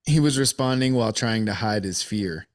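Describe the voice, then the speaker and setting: A man's voice: fairly low pitch, lively intonation, normal speed. Man reading out a case, chuckling. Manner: narrates the case notes with frequent chuckles. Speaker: podcast co-host reading out the case. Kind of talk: casual chat with friends.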